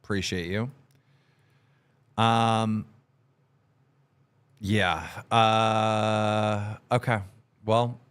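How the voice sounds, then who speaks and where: A man hosting a livestream podcast, shouting out supporters in a sing-song hype voice and then talking low and downbeat. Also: clear, resonant tone. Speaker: podcast host. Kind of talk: livestream podcast chat, reading out supporter names.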